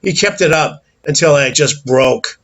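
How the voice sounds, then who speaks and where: A man's voice: on the high side, a little slow, a bit bright, slight background noise, poor audio. A man telling a childhood story in a casual, candid, blunt way, with some swearing and small stumbles.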